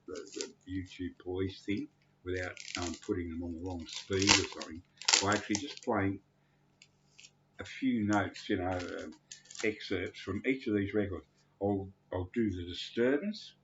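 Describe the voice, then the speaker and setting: Tipsy deep-voiced man rambling. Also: steady tone, measured pace, lo-fi sound, noisy background. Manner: crude, rambling, cursing freely. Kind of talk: casual rambling monologue.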